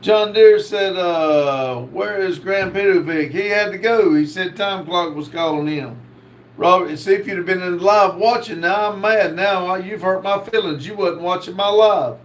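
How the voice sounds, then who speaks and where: A man hosting a casual livestream, reading viewer comments aloud in a slow drawl. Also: high voice, a little hiss or hum. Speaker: livestream host reading chat.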